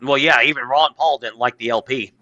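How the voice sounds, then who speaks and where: A man co-hosting a casual political podcast, blunt and excitable, who reads out news items and gets worked up when arguing. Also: mid-range voice, brisk, muffled recording. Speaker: podcast co-host.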